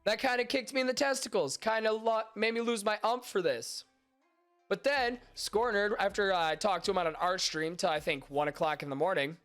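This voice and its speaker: A man's voice: high-pitched, fairly quick, fairly bright tone, clean tone, faint music behind. A young man hosting a podcast stream, chatting casually and crudely with his chat, his voice stuffy and nasal from allergies. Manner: crude, joking, self-mocking, swears a lot. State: congested, stuffy nose from allergies.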